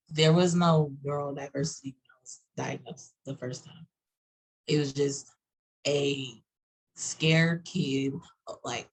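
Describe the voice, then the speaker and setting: A woman from Texas with a Texas accent, talking casually on a panel in a halting way with many restarts and fillers. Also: deep voice, rough recording.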